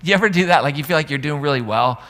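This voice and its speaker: A male pastor preaches in an animated, joking, conversational manner. His voice is bright and fairly high, and its pitch moves a great deal. A long church reverb trails after each phrase. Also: rapid-fire. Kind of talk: sermon.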